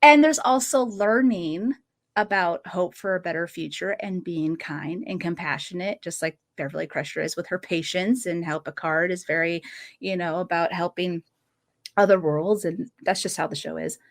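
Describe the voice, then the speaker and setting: A podcast host in her late thirties speaks at normal speed in a fairly low-pitched voice. Chatting casually and earnestly, she tells a story and often breaks into short laughs.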